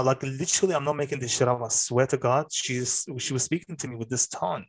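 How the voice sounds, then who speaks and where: A young man co-hosting a casual podcast, his voice sitting at an ordinary middle pitch. He tells stories with lively energy, swearing freely and slipping into other people's voices as he goes. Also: a little fast, few pauses. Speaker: podcast co-host. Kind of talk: casual storytelling chat.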